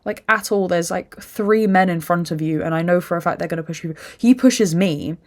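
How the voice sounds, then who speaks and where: Low-voiced woman venting. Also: moderate pace, darkish tone. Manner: emotional venting, frequent swearing. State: drained and upset. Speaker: podcast host. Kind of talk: candid solo monologue.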